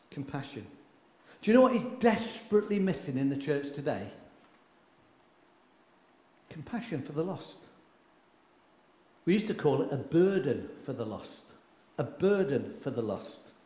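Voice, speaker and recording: A man preaching a sermon with passion, swinging from loud outbursts to hushed lines, recorded in a church. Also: a little high, very animated, normal speed, long pauses. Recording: echoey hall with long reverb.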